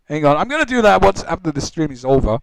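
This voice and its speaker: A man commentating a reaction livestream, excitable, yelling reactions and tripping over his words. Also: fairly high pitch, quick pace, vocal fry, smooth, low-quality recording. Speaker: streamer. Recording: loud music under the voice. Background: music from the clips he plays.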